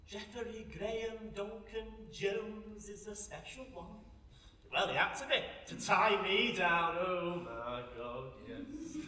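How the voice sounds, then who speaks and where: A man's voice: on the high side, bright, forceful tone. A man playing a bawdy, gossipy older Sheffield housewife with a Yorkshire accent, chatting in a comic monologue on stage in a large hall. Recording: echoey hall from far off.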